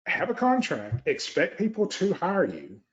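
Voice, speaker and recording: A man's voice: high-pitched, wildly swooping pitch, dull audio. Conversational man coaching lawyers. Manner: conversational, acts out client reactions in quick asides. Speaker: elder law practice coach. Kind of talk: instructional talk to lawyers.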